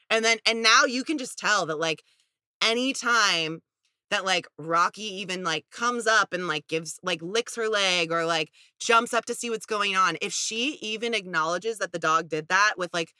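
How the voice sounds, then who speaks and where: A woman's voice: mid-range voice, normal speed, sharp tone, no echo, clean studio sound. A young woman co-hosting a podcast, animatedly and sarcastically recapping a reality show with exasperation. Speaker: podcast co-host.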